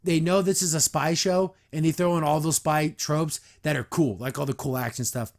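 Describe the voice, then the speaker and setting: A man's voice: fairly high pitch, fairly even intonation, moderate pace. A young man hosting a podcast, recapping and reacting to a cartoon episode in a casual, enthusiastic, rambling way. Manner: enthusiastic, rambling, frequent restarts and laughs.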